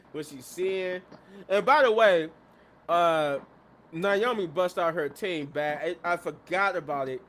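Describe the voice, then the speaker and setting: A man casually recapping a wrestling show, excitable and rambling, often laughing at the action. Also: fairly high pitch, a little hiss or hum. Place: at his workplace.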